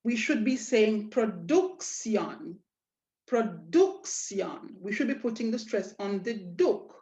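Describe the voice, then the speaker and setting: A woman teaching a language lesson, explaining step by step with patient, drawn-out examples and rhetorical questions. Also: on the high side, darkish tone. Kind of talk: slow, deliberate lesson explanation. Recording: dull, lo-fi audio.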